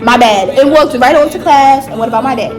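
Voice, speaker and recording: High-voiced teen girl, animated storyteller. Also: fairly quick, over music, low-quality recording. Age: late teens. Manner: animated, emphatic retelling with slang and asides. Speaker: vlogger. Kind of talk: storytime narration.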